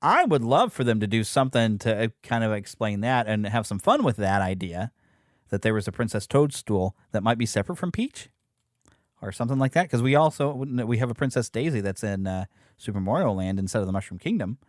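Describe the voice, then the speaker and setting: Sex: male. Role: podcast host. Style: animated, rambling chat. Pace: fast. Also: fairly low pitch, no echo, clean studio sound. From United States. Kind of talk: casual chat.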